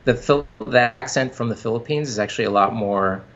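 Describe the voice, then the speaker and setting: A man, a company founder, talking casually in an interview, halting with frequent restarts and fillers. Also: medium pitch, a bit bright, dull audio, a little hiss or hum.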